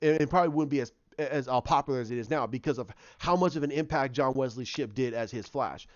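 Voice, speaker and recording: A man in his thirties casually recapping a TV episode, telling it excitedly and acting out the characters' lines. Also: mid-range voice, quick pace, no echo. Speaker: TV episode reviewer. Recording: dull, dry lo-fi sound.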